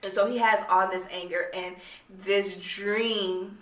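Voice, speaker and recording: A woman's voice: mid-range voice, fairly even intonation, takes it slowly, fairly bright tone. A young woman ranting bluntly about a book she hates, exasperated and swearing freely. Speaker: book reviewer. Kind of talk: casual rant review. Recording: echoey room, distant mic.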